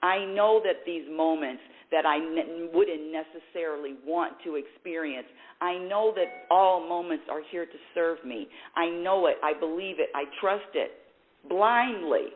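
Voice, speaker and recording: This radio host runs a spiritual talk show, and the audio has a thin, phone-like quality. She speaks in a lowish voice at a measured pace, wandering through her thoughts, backtracking to fix them, and chuckling at herself.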